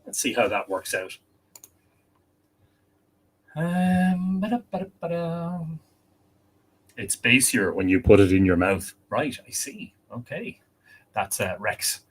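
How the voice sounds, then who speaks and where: This Irish streamer's low, fairly bright voice moves at normal speed as he chats through viewer comments, reading them out and responding. He's at home with a window open, using a desk microphone he adjusts while live, and the low-quality recording has a little hiss or hum.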